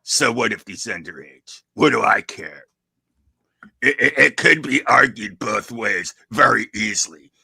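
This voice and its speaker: A man's voice: lowish voice, expressive, measured pace, gravelly, bright, forceful tone, husky, no room sound. A man stammering and grumbling through a comedic rant as a show regular. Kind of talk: comedic group reading.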